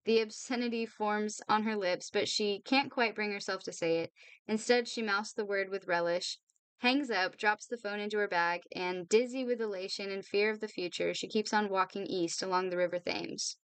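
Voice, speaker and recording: A woman reading a novel aloud for her channel, informal and brisk. She trips now and then and corrects herself. Her voice is smooth and clear, recorded close and dry. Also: mid-range voice, no room sound. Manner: brisk reading with slips and apologies. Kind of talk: read-aloud novel narration.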